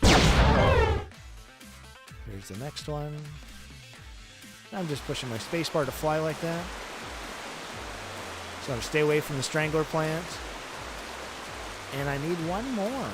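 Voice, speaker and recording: This is casual gameplay commentary from a man testing a game he developed, thinking aloud chattily and often restarting his sentences. His voice sits on the high side, a little slow with frequent pauses, over background music.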